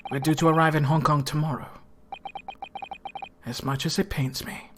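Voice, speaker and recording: A woman's voice: low voice, fairly even intonation, normal speed, background noise, voice pushed down, natural voice. Woman reading as a polite ship's captain. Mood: apologetic.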